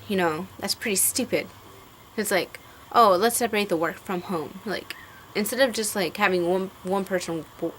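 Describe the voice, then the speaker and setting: A woman's voice: mid-range voice, fairly bright tone. A young woman with a mid-range voice rants to camera, heated and swearing freely. She rambles through fillers and restarts as she vents. A faint hiss of noise sits under her. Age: young adult. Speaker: vlogger. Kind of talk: ranting to camera.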